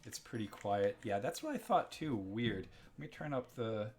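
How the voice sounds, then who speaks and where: A man's voice: lowish voice, expressive, normal speed, a little mellow, soft background music. A man from Germany hosting a live game stream, chatting casually and rambling between reading chat messages. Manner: chatty, rambling, reads chat aloud and laughs often.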